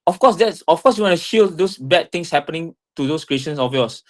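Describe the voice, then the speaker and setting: A tearful man in an emotional personal monologue, impassioned and profane, full of halting restarts. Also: fairly high pitch, expressive, darkish tone. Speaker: speaker talking with an AI assistant.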